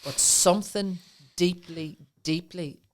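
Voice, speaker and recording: A woman's voice: fairly low pitch, steady tone, slow. A middle-aged woman, a podcast guest telling her own story earnestly and with feeling. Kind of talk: personal storytelling in a podcast interview.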